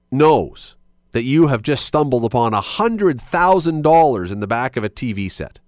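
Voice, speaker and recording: Chatty radio host, lively pitch. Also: male voice, moderate pace, no room sound, studio quality. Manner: chatty, animated, musing aloud. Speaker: radio talk show host. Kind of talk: call-in radio monologue. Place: radio studio. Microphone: studio mic.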